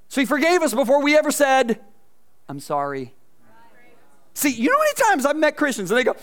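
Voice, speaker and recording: A middle-aged man preaching a sermon in a church, telling a personal story with animated asides and questions to the congregation. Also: very high-pitched, quick pace. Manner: animated storytelling, acting out quotes, asking the audience questions. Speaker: pastor. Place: church sanctuary.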